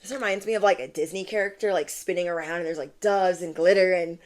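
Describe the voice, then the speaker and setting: A woman's voice: on the low side, steady tone, quick pace. Bubbly young woman doing a tarot reading. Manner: bubbly, gushing, many "like"s and "oh my gosh". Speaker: tarot reader. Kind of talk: casual channeled reading to viewers.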